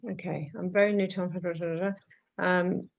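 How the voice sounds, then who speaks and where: A woman's voice: lowish voice, flat delivery, slow, vocal fry, highs cut off. A woman moderating a group discussion, reading out questions hesitantly and then answering them.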